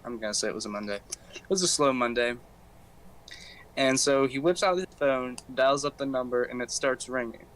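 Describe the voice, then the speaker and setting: A man's voice: medium pitch, normal speed, rough recording. A young man hosting a casual podcast, telling a school story with lots of laughter and acted-out voices. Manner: animated, laughing, acts out voices of people in the story. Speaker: podcast host.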